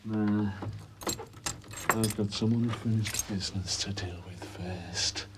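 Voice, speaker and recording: An actor playing a resentful, drunken working-class bar owner in a TV drama. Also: male voice, on the low side, fairly even intonation, slow. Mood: bitter. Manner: resentful, sneering, shouting at night. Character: bitter drunken middle-aged working-class barman. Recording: hissy old TV recording.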